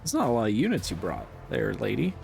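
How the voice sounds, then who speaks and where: A man's voice: medium pitch, huge pitch swings, fast, vocal fry. A man streaming a story game, casually reacting and reading text aloud, with faint game music behind.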